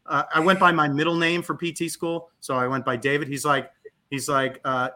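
A man in his fifties, a guest on an interview, telling stories in an animated way with frequent restarts and repeated words. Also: on the high side, normal speed. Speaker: guest, physical therapist. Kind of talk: casual interview storytelling.

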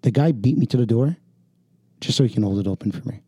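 A man's voice: medium pitch, animated, fast, warm tone, slightly rough, no room sound, clean studio sound. A man with a New Jersey accent, co-hosting a podcast, telling stories animatedly, swearing and acting out quotes. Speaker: podcast co-host. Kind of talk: casual storytelling chat.

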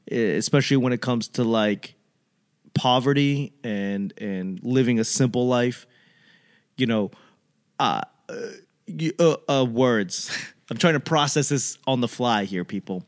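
Man, rambling comedic monologue, self-deprecating, mid-pitched. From Boston, USA. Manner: rambling, self-deprecating, loses his train of thought.

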